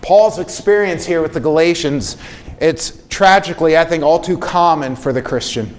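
A pastor gives a sermon in a high, clear tenor and talks to his flock in an earnest way. His voice climbs and gets stronger when he stresses a point. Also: normal speed. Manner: earnest preaching, voice rising for emphasis.

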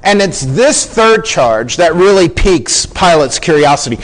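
A man's voice: fairly high pitch, big pitch swings, unhurried, rough recording. A man preaching a sermon as a pastor, explaining scripture earnestly and acting out the quoted lines.

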